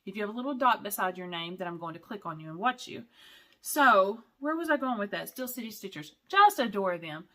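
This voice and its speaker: A woman's voice: medium pitch, expressive, a little fast, bright, forceful tone. A woman, chatting casually and enthusiastically as a cross-stitch vlogger, rambling from one story to the next. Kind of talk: casual chat.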